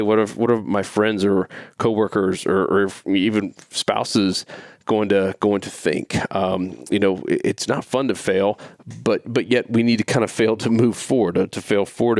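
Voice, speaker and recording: A man with a lowish voice talks through a long story on his faith podcast, looping back and restarting his sentences as he goes. His voice is close and dry, with no room sound. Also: no echo. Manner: rambling, many restarts and fillers. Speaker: podcast host.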